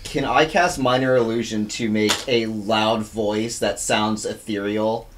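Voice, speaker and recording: A man's voice: lowish voice, steady tone, measured pace, fairly bright tone, slight background noise. Hesitant man playing a tabletop game. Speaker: player. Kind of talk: casual tabletop play.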